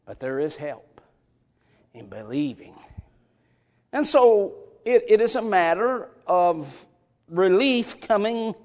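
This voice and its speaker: A man preaching a sermon in a church, moving from soft, chuckling asides to impassioned shouting. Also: high voice, gravelly. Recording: long reverb in a large hall.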